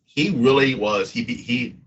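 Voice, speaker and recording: An excitable man who jokes and laughs often in a casual podcast conversation. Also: medium pitch, a little slow, highs cut off, a little hiss or hum.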